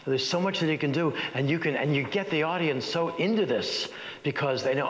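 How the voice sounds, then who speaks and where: A man's voice: a little high, a little fast. A man teaching an acting workshop, talking with energy and often stopping to restart his sentences. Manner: energetic, many restarts and stammers. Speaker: workshop leader. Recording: echoey hall with faint noise.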